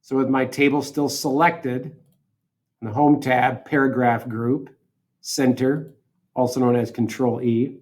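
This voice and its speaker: A man teaching a software lesson, talking through each step aloud in a casual way and correcting himself as he goes. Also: mid-range voice, little pitch movement, a little slow. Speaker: instructor. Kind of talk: screen-recorded software tutorial.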